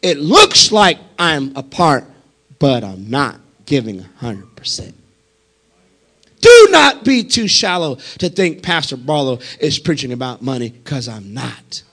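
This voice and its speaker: A man preaching a sermon as pastor, impassioned and building to shouts. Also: mid-range voice, wildly swooping pitch, a little slow.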